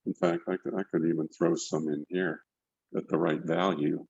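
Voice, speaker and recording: An older painting instructor rambles through a demo on a video call from his indoor studio, repeating words as he works. His voice is extremely low and level, with vocal fry, a slightly mellow, breathy quality, and a moderate pace. The call mic gives a dry, echo-free but lo-fi sound.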